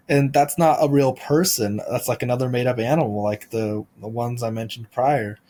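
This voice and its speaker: A man hosting a podcast, delivering a rambling deadpan comic monologue full of restarts and absurd tangents. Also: medium pitch, moderate pace, hardly any pauses. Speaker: podcast host.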